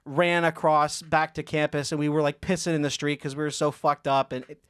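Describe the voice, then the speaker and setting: A man's voice: on the high side, flat delivery, a little fast, a bit bright, clear, resonant tone. Sheepish man telling a party story. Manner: sheepish, laughing between lines. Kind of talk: casual podcast storytelling.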